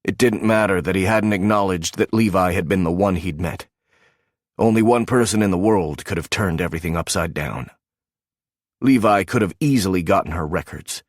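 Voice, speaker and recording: Male romance audiobook narrator, low voice, dry close-mic read, measured delivery. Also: no echo.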